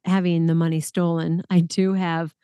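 A woman hosting a podcast, telling stories in an animated, exclaiming way. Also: lowish voice, moderate pace, clean tone, no room sound. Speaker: podcast host, former group leader. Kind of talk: casual podcast conversation.

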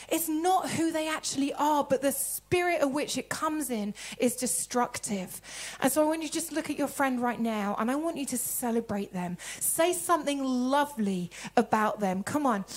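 High-voiced woman preaching. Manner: animated, laughing, acting out quoted voices. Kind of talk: sermon.

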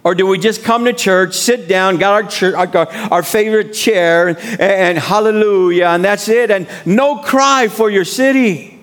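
Unhurried and a bit bright, a man's high voice carries a sermon he gives as a guest speaker. He spurs the congregation on in street-style informal speech, calling for "amen" over and over.

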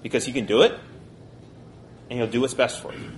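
A man teaching a college Bible class, talking quickly and conversationally and putting questions to his listeners. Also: mid-range voice, steady tone, slight background noise.

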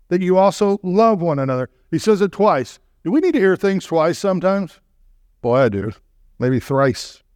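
Guy preaching a sermon, kinda high voice, super emphatic, cracks jokes, dry close sound. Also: no room sound. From Southern California. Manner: animated, emphatic, joking asides. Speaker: guest preacher.

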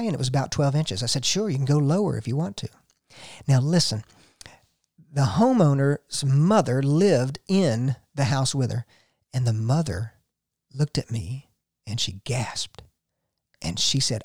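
A man's voice: on the high side, expressive, normal speed, a little mellow, dry recording, clean studio sound. A man hosting a gardening show, talking folksy and casual and telling a story to listeners he calls folks.

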